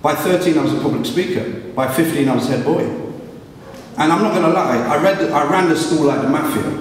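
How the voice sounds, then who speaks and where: Middle-aged man, higher voice, animated storyteller, distant mic, big echoey hall. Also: brisk, a little hiss or hum. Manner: animated, humorous, acts out voices. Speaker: guest speaker. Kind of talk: storytelling talk to a live audience. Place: large hall at a live event.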